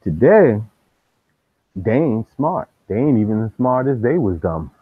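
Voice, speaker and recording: A man's voice: medium pitch, big pitch swings, unhurried, husky, no echo. A man hosting a live stream, telling street stories casually in slang and acting out the people he quotes. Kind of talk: casual storytelling. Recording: tinny phone-like dry sound.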